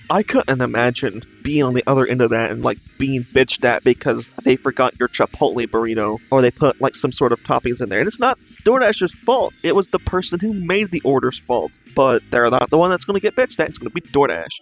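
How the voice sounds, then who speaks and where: Lively, rambling male commentator. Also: mid-range voice, fast, vocal fry, hardly any pauses, soft background music. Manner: rambling, swears freely, laughs often. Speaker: host. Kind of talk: casual commentary reading online posts.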